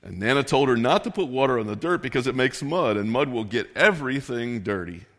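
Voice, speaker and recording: A man's voice: mid-range voice, lively intonation, fairly quick, fairly bright tone. Male pastor preaching in an easy, earnest tone, with a long echo behind him as if in a big hall. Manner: earnest, conversational preaching with quoted voices. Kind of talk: sermon.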